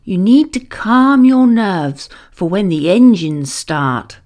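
A woman voicing a gentle father coaxing his little boy to sleep. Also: mid-range voice, very animated, slow pace. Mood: encouraging. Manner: coaxing, soothing.

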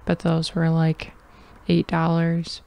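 A woman's voice: sits low, monotone, slow, creaky, a little mellow, smooth. A woman co-hosting a podcast in casual chat, rambling and trailing off mid-thought. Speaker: podcast co-host.

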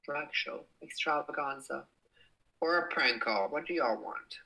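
A man's voice: mid-range voice, a little slow, gravelly, pushed and bright, rough recording. A young man hosting a casual livestream, reading out viewer comments in a bubbly, giggly way and swearing playfully. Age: young adult. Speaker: livestream host.

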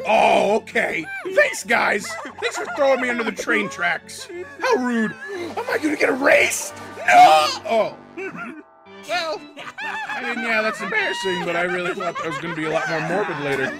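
A woman voicing an excitable, dramatic male cartoon pencil character, rambling and bursting into shouts over background music. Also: fairly high pitch, normal speed. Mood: frantic. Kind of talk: animated cartoon reaction commentary.

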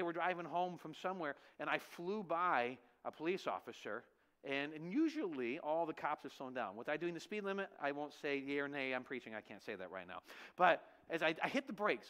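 A man's voice: on the high side, a little fast. A middle-aged male pastor preaching a sermon in church, telling stories with lots of rhetorical questions. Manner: animated storytelling, rhetorical questions.

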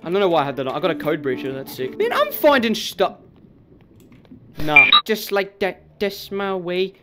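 Lively Aussie guy playing a horror game. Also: high-pitched, normal speed, music in the background. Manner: crude, jokey, rambling, swears a lot. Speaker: gaming YouTuber.

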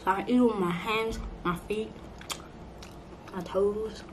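A woman's voice: medium pitch, fairly even intonation, takes it slowly. An eighteen-year-old woman vlogging at home, chatty and playful, talking straight to her viewers. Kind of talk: casual chat to camera. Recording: noisy home recording.

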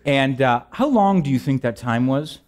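A man's voice: mid-range voice, lively intonation, normal speed. Man preaching with rhetorical questions. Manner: conversational preaching with rhetorical questions and repeated phrases; self-deprecating humor, frequent restarts. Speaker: pastor. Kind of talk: sermon.

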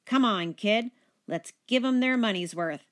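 A woman's voice: fairly high pitch, measured pace, lightly acted. A woman voicing a mischievous, clumsy young boy in a storybook read-aloud, eager and pleading. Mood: cocky.

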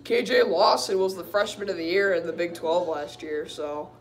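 Excitable young-sounding fan man calling a game. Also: sits high, normal speed. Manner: excitable, frustrated partisan fan who keeps saying "dude". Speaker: fan reaction host. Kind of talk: live play-by-play fan reaction.

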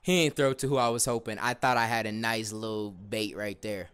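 A man hosting a gaming video, giving excited gameplay commentary, shouting at big plays and trash-talking in slang. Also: lowish voice, brisk, smooth.

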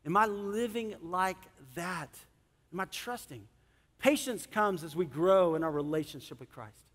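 A middle-aged male pastor preaching a sermon, animated, swinging between loud emphasis and soft, earnest moments. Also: sits high, unhurried. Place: church sanctuary. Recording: long church hall reverb.

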